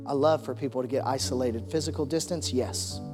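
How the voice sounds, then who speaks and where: A man's voice: medium pitch, fairly quick, long reverb tail, music in the background, close to an everyday voice. A man preaching a sermon, voicing the devil as a gloating male tempter.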